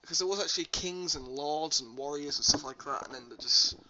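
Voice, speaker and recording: A man's voice: fairly high pitch, a little fast, bright, forceful tone, muffled recording, slight background noise. A young man casually commenting on his gameplay, rambling with lots of ums and uhs. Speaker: let's play host. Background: game music.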